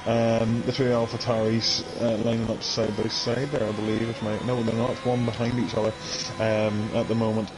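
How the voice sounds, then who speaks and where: A man giving casual live commentary on an online sim race, chatty and quick to laugh. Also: mid-range voice, level tone, poor audio. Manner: chatty, laughs often, reads out viewer comments.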